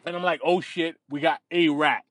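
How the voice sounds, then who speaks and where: A man telling a story in casual chat, profane and animated. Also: on the high side, moderate pace, no echo.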